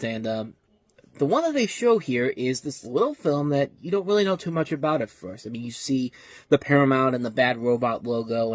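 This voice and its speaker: A man's voice: medium pitch, dry recording. A man casually reviewing movies, rambling and often correcting himself mid-sentence. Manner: rambling, self-correcting, enthusiastic asides.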